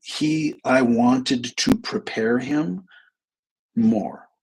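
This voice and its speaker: A man's voice: mid-range voice, drawn-out words, a little mellow. A man telling a story on a casual live stream, acting out both sides of a conversation and swearing bluntly. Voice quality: gravelly, husky voice. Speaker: therapist and energy healer.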